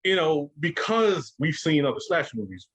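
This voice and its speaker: A man's voice: on the high side, big pitch swings, normal speed, fairly bright tone, slightly rough. A man guesting on a podcast, chatting casually and profanely about movies, acting out lines in mocking voices. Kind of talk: casual chat.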